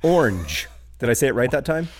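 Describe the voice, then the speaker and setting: A man with a Midwestern American accent co-hosting a podcast, joking in a playful, deadpan way and laughing easily. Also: mid-range voice, fairly quick. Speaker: podcast co-host. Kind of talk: casual chat.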